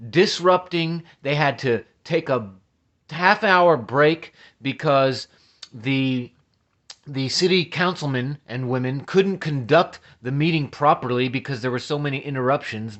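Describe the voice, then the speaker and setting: A man's voice: fairly high pitch, a bit bright. A man ranting as a vlogger, agitated and profane, often stammering and restarting his sentences. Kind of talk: ranting commentary.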